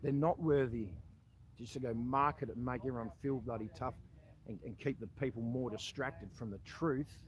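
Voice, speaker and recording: A man's voice: mid-range voice, steady tone, normal speed, poor audio. A man with an Australian accent, a former army soldier, making a direct-to-camera appeal that confronts the listener and keeps calling him "mate".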